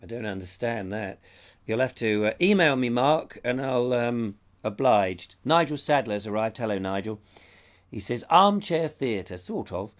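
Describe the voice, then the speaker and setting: A man's voice: medium pitch, expressive, a little slow. A middle-aged man hosting a casual live chat, reading viewer comments aloud and reacting to them. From Britain. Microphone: lapel mic.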